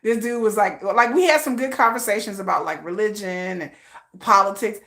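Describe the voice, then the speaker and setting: A woman hosting a casual livestream from home, telling a story in animated, slangy talk and acting out the voices of other people. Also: mid-range voice, moderate pace. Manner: animated, slangy, acts out quoted voices with laughs. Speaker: livestream host.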